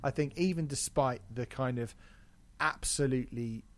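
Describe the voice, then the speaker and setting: A man's voice: medium pitch, moderate pace. A man co-hosting a casual podcast, swearing freely and mocking himself with frequent laughter. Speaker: podcast co-host.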